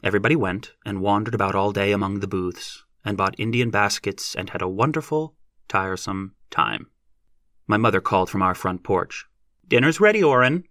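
A man narrating a novel as an audiobook in a measured, even reading. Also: low voice, no room sound, clean studio sound.

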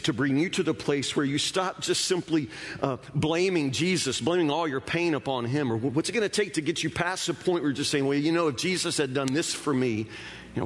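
Male pastor, sermon delivery, talky and emphatic with stammered restarts; high voice, long church reverb. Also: a little hiss or hum.

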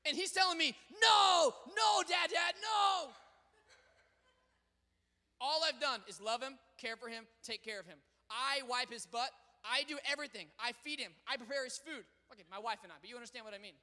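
A young man preaches to his church, his voice sitting unusually high and ringing with a sharp, forceful brightness. He swings from loud proclamation to hushed, conversational storytelling. A long reverb trails his words through the large sanctuary. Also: fast talker, hardly any pauses. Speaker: pastor. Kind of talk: sermon.

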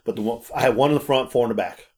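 A man telling stories in a casual chat, animated and swearing freely. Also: mid-range voice, racing. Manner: animated storyteller, acts out quotes, swears freely. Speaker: podcast co-host.

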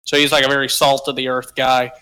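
A man's voice: medium pitch, flat delivery, fast, sharp tone, clear, resonant tone. A young man in a casual podcast chat, telling stories in a loose, profane way. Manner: profane, storytelling.

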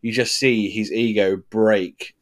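A man's voice: on the low side, fairly even intonation, takes it slowly. A man co-hosting a podcast, casually talking through a film, swearing now and then and acting out lines from scenes. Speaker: podcast co-host. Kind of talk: casual film review chat.

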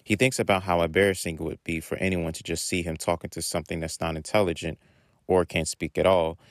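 Low-voiced man reading a story. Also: level tone, fast, no echo.

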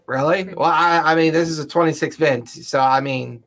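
A man acting as game master, voicing a merchant in a tabletop game with a casual, halting manner. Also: fairly high pitch, a bit bright. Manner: casual, halting, laughs often.

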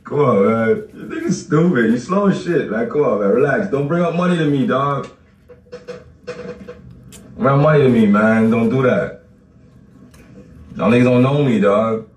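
A man's voice: mid-range voice, a little slow, pauses often, distant mic. A man ranting casually on a livestream, boasting, mocking and swearing, often breaking into laughter. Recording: roomy sound from off the mic.

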